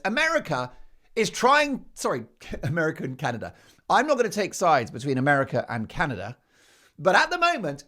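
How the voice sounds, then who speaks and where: Male talk host, lively pitch, punchy sarcastic monologue. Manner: emphatic, sarcastic, with rhetorical questions. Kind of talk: opinionated monologue.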